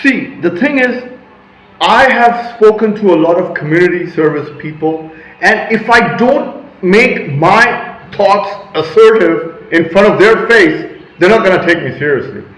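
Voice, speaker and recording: A man vlogging a rambling motivational monologue, emphatic and with loud assertive bursts. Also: sits high, expressive, a little slow, reverberant, rough recording.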